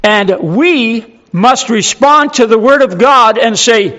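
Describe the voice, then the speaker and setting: A man's voice: very high voice, expressive, slow pace, few pauses, bright, forceful tone. A male pastor preaching a sermon, emphatic and full of rhetorical questions.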